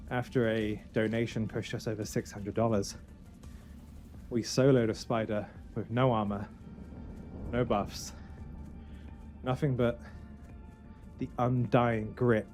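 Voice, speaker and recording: A man streaming a game for charity in casual, joking chat, swinging from loud outbursts to quiet muttering. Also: medium pitch.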